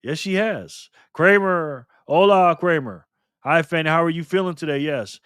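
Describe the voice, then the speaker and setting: A man's voice: a little high, normal speed, fairly bright tone, clear, resonant tone, no echo, studio quality. A man hosting a casual live stream, greeting chat members by name and teasing them in a playful way.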